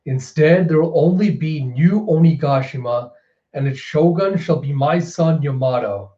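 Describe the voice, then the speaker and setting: A man's voice: fairly high pitch, unhurried, warm tone, close to an everyday voice. A man voicing a menacing male pirate emperor who lays down orders, in a roomy, slightly dull recording. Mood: commanding.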